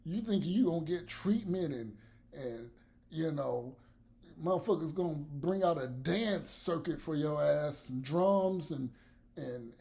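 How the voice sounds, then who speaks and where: A man's voice: fairly high pitch, vocal fry, warm tone. A man vlogging blunt, profane commentary to the camera, with laughs between his points.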